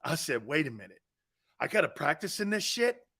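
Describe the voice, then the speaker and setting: A man from the Northeastern US hosting a sports talk show, telling profane, animated stories and laughing at his own jokes. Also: a little high, normal speed.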